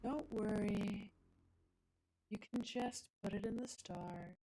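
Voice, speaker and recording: A woman voicing a calm female meditation guide in a soft, slow, hushed whispered role-play. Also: medium pitch, poor audio. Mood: soothing.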